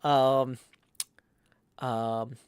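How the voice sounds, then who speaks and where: A man livestreaming in casual chat, reading viewer messages aloud and rambling with many pauses and restarts. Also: mid-range voice, flat delivery, clear, resonant tone, no echo. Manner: hesitant and rambling, many ums and restarts, tries out playful howls.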